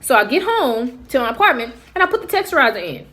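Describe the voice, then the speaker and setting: A young woman with a slightly high voice tells a casual story to her viewers. She is animated and slips into the voices of the people in her story. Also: fast talker. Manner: animated, acts out what others said. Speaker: vlogger.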